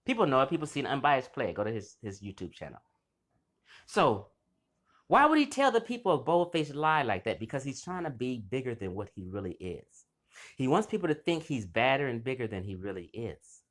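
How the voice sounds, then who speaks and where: Animated, boastful man calling people out. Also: mid-range voice, fairly quick. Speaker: channel host. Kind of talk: casual call-out vlog.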